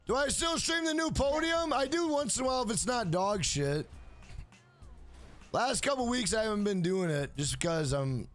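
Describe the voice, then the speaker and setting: Lively, profane male game streamer. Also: high-pitched, moderate pace, soft background music. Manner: loose, profane, talks to chat. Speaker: game livestreamer. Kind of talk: casual livestream chat.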